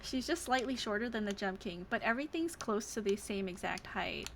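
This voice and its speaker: A young adult woman streamer chatting casually over a game, soft-spoken and gushing. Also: fairly high pitch, lively intonation, fast talker, noisy background.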